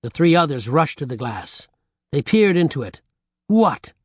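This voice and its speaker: A man narrating an audiobook with lively storytelling on a close studio mic. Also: fairly high pitch, moderate pace, husky, dry recording.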